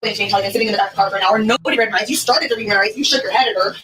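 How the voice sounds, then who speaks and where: Yelling indignant woman, distant body cam. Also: mid-range voice, very fast. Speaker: arrested woman. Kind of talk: angry yelling at police. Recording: distant body cam audio with faint noise.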